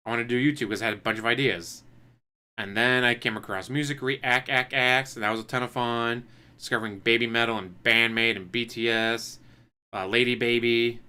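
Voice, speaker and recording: A man talking in a bright, forward voice, mid-pitched and conversational. He delivers sarcastic stream commentary, slipping into mocking impressions. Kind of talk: casual commentary.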